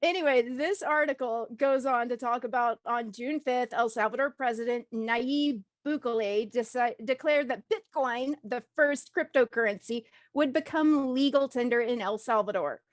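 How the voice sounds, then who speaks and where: A woman's voice: on the high side, moderate pace, few pauses, dry recording. A woman co-hosting a podcast, reading an article aloud with wry, blunt asides and frequent laughs. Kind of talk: casual chat, reading an article.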